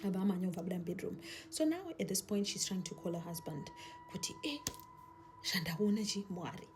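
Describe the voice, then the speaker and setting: A woman's voice: mid-range voice, big pitch swings, very fast, background noise. A young woman with a Zimbabwean accent telling a story in a casual chat, mixing Shona with English and dropping to a whisper for suspense.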